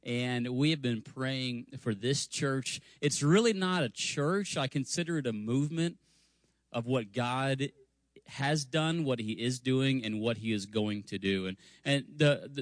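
Animated storytelling preacher, a man. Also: mid-range voice, no echo, clean studio sound. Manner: animated, acts out family voices, stumbles over words. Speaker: guest preacher. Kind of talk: storytelling sermon. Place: church sanctuary.

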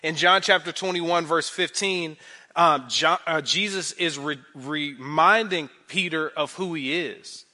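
A man in his thirties preaching a conversational sermon, animated, repeating phrases for emphasis and using many fillers. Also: on the high side, unhurried. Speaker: pastor.

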